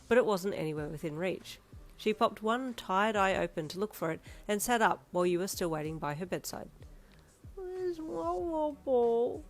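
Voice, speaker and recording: A woman narrating a second-person fan fiction story in a soft, even storytelling manner. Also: lowish voice.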